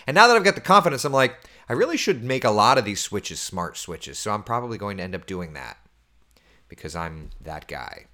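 With a brisk delivery and a voice on the low side, this thirty-something host chats casually in the morning about viewer comments and his week. He comes across as lively and talkative, quick to laugh, sometimes dropping to an almost whispered hush.

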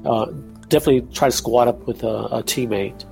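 Gravelly man explaining gameplay. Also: medium pitch, brisk, a little mellow, soft background music. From Texas. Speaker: podcast guest. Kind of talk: casual gaming podcast chat.

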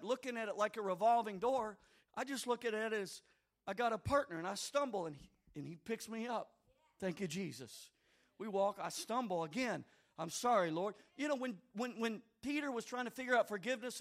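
A high-voiced man preaches a fervent sermon. He talks right at his listeners in a folksy way. He rises to loud, fervent peaks and then drops to quiet, confessional asides. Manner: swings between shouted fervor and quiet confessional asides; addresses listeners directly, folksy.

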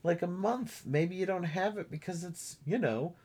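A man in casual podcast chat, animated, laughing often and mimicking people in a lower voice. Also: normal speed, husky. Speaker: podcast co-host. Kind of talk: casual chat recapping a reality show.

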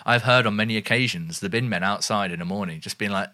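A man co-hosting a casual chat, animated and quick to laugh, swearing freely. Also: fairly low pitch. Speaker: podcast co-host. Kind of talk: casual banter.

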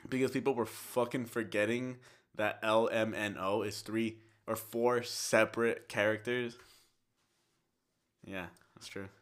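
A man's voice: on the low side, steady tone, a little slow. A man co-hosting a casual podcast, joking around and swearing freely. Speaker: podcast co-host.

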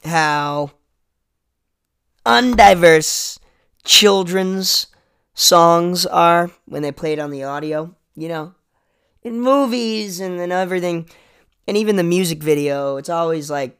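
A man's voice: a little high, slow, long pauses, fairly bright tone, clean tone. A young man hosting a podcast, ranting sarcastically with lots of swearing, "like" and "dude". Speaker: podcast host. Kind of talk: comedic rant monologue.

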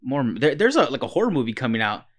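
A relaxed man chatting casually on a podcast. His voice sits at an ordinary middle pitch. He curses freely and breaks into laughter often. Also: fast. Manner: laid-back, swearing, laughs a lot. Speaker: podcast co-host. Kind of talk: casual chat.

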